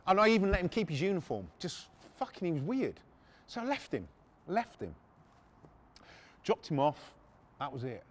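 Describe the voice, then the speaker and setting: A man's voice: on the high side, big pitch swings, normal speed, long pauses. A middle-aged man, telling crude, profane stories on his podcast with lots of fillers. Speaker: podcast host. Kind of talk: anecdotal storytelling.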